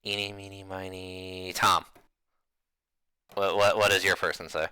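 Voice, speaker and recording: A man running a tabletop game, chatty and quick to laugh. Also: deep voice, clear, resonant tone, dry recording. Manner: laughs often, relaxed and chatty. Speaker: game master.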